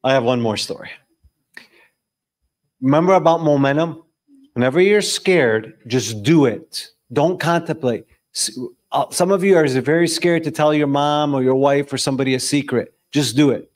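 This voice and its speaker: A young man leading a live group discussion before an audience in a room, telling stories and questioning the room in an animated way. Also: on the high side, normal speed. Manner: animated, storytelling, quizzing the audience. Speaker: discussion leader.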